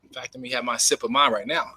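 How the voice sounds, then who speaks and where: An eager man talks straight into his webcam in a bright, forceful voice. He keeps calling out "you all" in a folksy, animated sales pitch. The sound is dry and close. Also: fast, slightly rough, no room sound. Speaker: network marketing presenter. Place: home.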